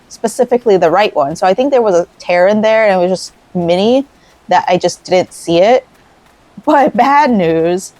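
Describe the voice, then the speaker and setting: A woman's voice: mid-range voice, a little mellow, no room sound. A woman hosting a casual let's play, chatting in a rambling way and giggling while she crochets. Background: faint game music.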